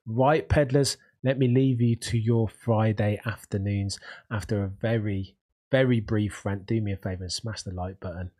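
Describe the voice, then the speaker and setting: Enthusiastic Birmingham man with a husky voice. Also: on the low side, fairly even intonation, moderate pace, darkish tone. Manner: enthusiastic, rambling, reads out chat comments. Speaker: host of a live stream. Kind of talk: casual live-stream chat reacting to racing.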